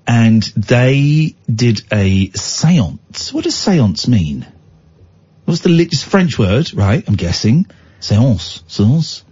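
A man's voice: mid-range voice, a little mellow, husky, muffled recording. A man hosting a radio show, joking and rambling in casual chat. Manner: joking, rambling, self-mocking. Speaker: radio host.

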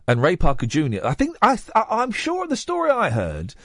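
A radio host chats casually on his late-night show, speaking fairly quickly into a studio microphone with clean, echo-free sound. He rambles and jokes, his pitch swinging lively.

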